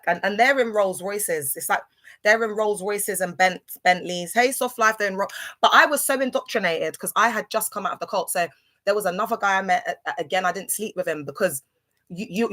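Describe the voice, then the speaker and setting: A woman's voice: mid-range voice, fairly bright tone. A woman, hosting a livestream and telling a rambling personal story full of fillers and restarts. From London. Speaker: livestream host. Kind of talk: casual storytelling monologue.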